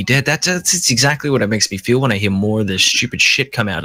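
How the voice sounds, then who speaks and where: A man's voice: medium pitch, brisk, few pauses, sharp tone. A man ranting during a casual online panel chat, swearing often and restarting his sentences. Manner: ranting, profane, repetitive restarts.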